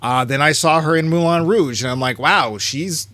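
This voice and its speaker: A man co-hosting a film podcast, chatting casually with an animated manner, frequent laughs and brief dry quips. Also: fairly high pitch, moderate pace, no room sound. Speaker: podcast co-host.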